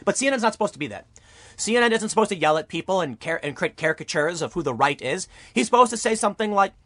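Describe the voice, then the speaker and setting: A young man talking fast and heatedly in an online opinion monologue, firing off rhetorical questions as he argues his case. His voice sits high for a man, and the sound is close and dry, with no room around it. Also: no echo. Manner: animated, argumentative, rhetorical questions. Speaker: political commentary YouTuber.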